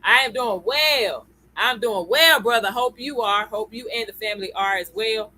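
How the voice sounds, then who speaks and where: A woman's voice: fairly high pitch, moderate pace, hardly any pauses, bright, forceful tone, poor audio. A woman hosting a live-stream lesson. She talks in a chatty way, greets viewers by name and keeps checking in with "okay?" and "y'all.". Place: at home computer.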